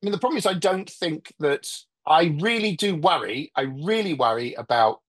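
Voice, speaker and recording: A man's voice: a little high, expressive, normal speed, fairly bright tone, slightly rough. A man talking as a guest in a casual conversation, rambling wryly and often stopping mid-thought to restart. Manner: rambling, self-interrupting, wry, breaks into mock voices. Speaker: guest, TV writer.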